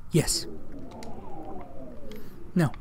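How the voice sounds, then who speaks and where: A man's voice: extremely slow, very noisy. A man giving casual let's-play commentary on a horror game, joking and muttering to himself. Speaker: gamer playing a horror game.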